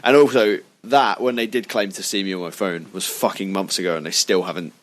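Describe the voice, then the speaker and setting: A man's voice: deep voice, steady tone, brisk. A young man co-hosting a podcast, telling stories in a casual chat, swearing freely and sounding indignant. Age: young adult. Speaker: podcast co-host.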